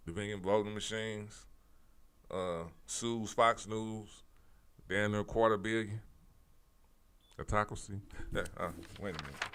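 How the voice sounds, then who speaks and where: This man hosts a political commentary show, his voice fairly low in pitch. Talking directly to his audience, he gets worked up and preachy, circling back to the same points, cursing offhandedly and restarting sentences a lot.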